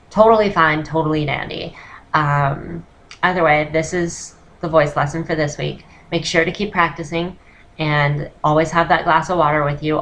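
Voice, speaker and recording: Low-voiced woman giving a casual voice lesson. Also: a bit bright, a little hiss or hum, low-quality recording. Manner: chatty and self-deprecating, addresses viewers directly. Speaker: voice-lesson vlogger. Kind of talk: casual instructional vlog.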